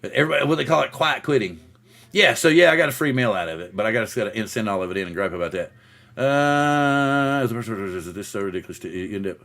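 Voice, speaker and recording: A man's voice: mid-range voice, quick pace. A man hosting a casual livestream show. He tells stories with acted-out voices and greets viewers in the chat by name. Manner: animated storyteller who acts out the voices in his story.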